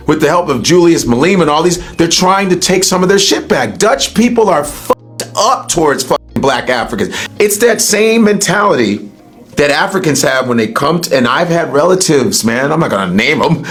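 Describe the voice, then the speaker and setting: A man's voice: a little high, fairly bright tone. A man from the United States talking bluntly and profanely in a casual podcast chat.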